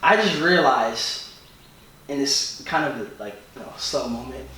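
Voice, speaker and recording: A man's voice: medium pitch, lively intonation, a little slow, sharp tone, slight background noise. Young male co-host from Philly, loose rambling chat, mic set back in a very echoey room. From Philadelphia, US. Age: young adult. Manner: loose, rambling, lots of "like" and restarts. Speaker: podcast co-host. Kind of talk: casual podcast chat. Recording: roomy echo, distant mic.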